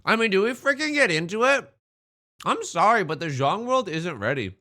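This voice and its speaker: A man's voice: sits high, animated, normal speed, sharp tone, soft background music. A man chatting casually on a live stream, greeting viewers and talking while he eats. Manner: upbeat, greets chatters, talks while eating.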